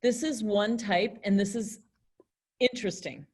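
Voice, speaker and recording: A woman's voice: mid-range voice, measured pace. A young woman teaching an online class in a chatty way, acting out example phrases in different tones. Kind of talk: virtual classroom lesson.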